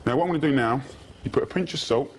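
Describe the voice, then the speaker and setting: A man's voice: medium pitch, quick pace, slight background noise. Chatty man doing a cooking demo. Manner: chatty, hedges with "sort of" and "kind of". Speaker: TV cook. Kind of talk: cooking demonstration. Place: kitchen. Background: frying and sizzling.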